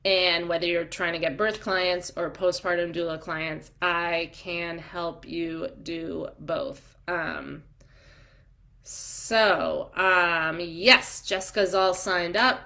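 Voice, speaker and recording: A woman in her forties hosts a live coaching stream and talks at an unhurried, drawn-out pace. She sounds chatty and upbeat, reads out viewer comments, and fills the gaps with ums and quick asides. Her tone stays encouraging throughout. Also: lowish voice, fairly even intonation, sharp tone. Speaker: business coach for doulas.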